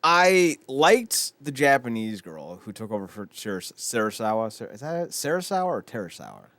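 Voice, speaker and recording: Animated, profanity-heavy male podcast host. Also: mid-range voice, normal speed, no room sound. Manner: animated, profane, laughs often. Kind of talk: casual chat.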